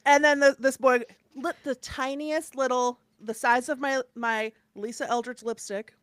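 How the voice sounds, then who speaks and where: A woman co-hosting a podcast, telling a story in a chatty, animated way, with lots of fillers and asides. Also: sits high, measured pace, dry recording. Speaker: podcast co-host. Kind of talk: casual chat, storytelling.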